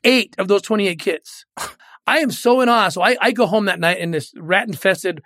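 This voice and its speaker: A man's voice: sits high, moderate pace, a bit bright, no room sound, clean studio sound. A middle-aged man, a guest in an interview, telling a moving story earnestly and often repeating words when moved.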